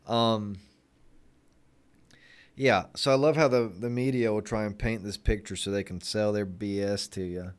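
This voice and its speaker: A young man with a lowish voice chats to camera in a loose, rambling way, and his talk is packed with fillers. He is sarcastic and cutting when something annoys him, then drifts back to easy small talk. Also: steady tone, measured pace, smooth. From Florida, United States. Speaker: vlogger. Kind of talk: casual chat.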